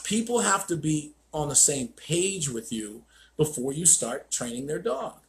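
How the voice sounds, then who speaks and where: A man's voice: fairly high pitch, sing-song, a little slow, slight background noise. A man hosting a live stream as a dog trainer, telling stories in a blunt, profane, ranting way.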